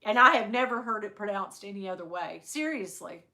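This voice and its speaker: A woman's voice: medium pitch, expressive, fairly quick, pushed and bright. A woman from the American South with a Southern accent, chatting casually and rambling with live viewers as a stream host. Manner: chatty, rambling, many restarts. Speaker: livestream host.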